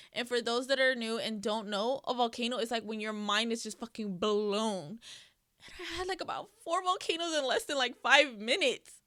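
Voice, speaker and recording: Woman, reaction host, emotional and expressive, high bright voice, dry close sound. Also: no room sound. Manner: emotional, expressive, swears freely. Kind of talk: casual reaction commentary.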